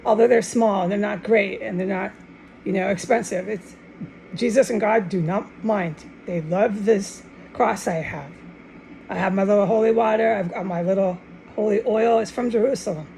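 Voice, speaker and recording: A woman with a gravelly, creaky edge rambles through a fervent religious monologue at middling pitch. She restarts her sentences often and scatters Spanish words through her talk. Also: moderate pace, dark tone, rough recording. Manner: fervent and insistent. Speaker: online video maker.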